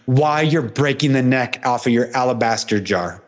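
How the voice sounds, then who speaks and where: A man, a pastor hosting a guest, preaching fervently in conversation with repeated litanies. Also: moderate pace. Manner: fervent, repetitive litanies, swings from loud peaks to low murmurs.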